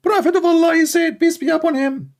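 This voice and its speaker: A man's voice: extremely high pitch, fairly even intonation, fairly quick, creaky, pitched above the performer's own voice. A man voicing a mocking impression of a preaching male Muslim apologist, in an exaggerated sing-song sermon style. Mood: preachy.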